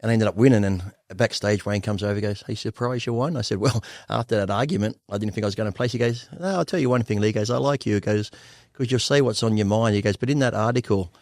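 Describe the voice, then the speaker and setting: Blunt, fast-talking Australian man. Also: fairly low pitch, a little mellow, no echo, clean studio sound. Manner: blunt, profane, laughs often. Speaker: guest bodybuilder. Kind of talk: candid storytelling interview.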